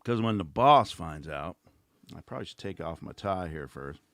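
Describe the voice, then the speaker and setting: Deep-voiced sarcastic rambling man. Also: expressive, moderate pace, gravelly, a bit bright, no echo. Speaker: host. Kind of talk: casual livestream rant.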